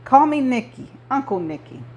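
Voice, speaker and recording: A woman's voice: high-pitched, sing-song, normal speed, a little mellow, pitched above the performer's own voice. A woman reading an audiobook, voicing an older male mob boss who talks like a movie gangster, menacing and jovial. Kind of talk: audiobook character voice.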